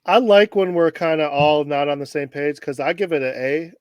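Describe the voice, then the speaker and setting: A man's voice: fairly high pitch, normal speed, smooth, no echo. A man co-hosting a casual podcast, emphatic and using fillers like "um" and "you know". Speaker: podcast co-host. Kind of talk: casual chat.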